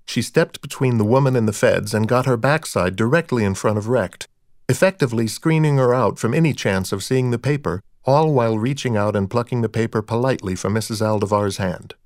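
A man's voice: medium pitch, a little fast, a little mellow, no room sound. A man narrating a novel in the first person, with a dry, wry storytelling manner. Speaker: audiobook narrator.

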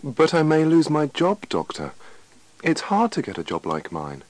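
A man's voice: a little high, wildly swooping pitch, moderate pace, dry recording, pitched above the performer's own voice, low-quality recording. A man reading the part of an anxious, overworked patient in a scripted lesson dialogue, in a plaintive, pleading way. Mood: worried.

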